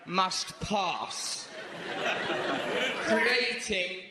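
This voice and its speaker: A man's voice: high voice, extremely slow, over a noisy crowd, very noisy. A man telling a rambling stand-up comedy story on stage, throwing in "right?" all the time. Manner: rambling, animated, lots of "right?". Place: large theatre stage. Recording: echoey live theatre hall. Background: audience laughter.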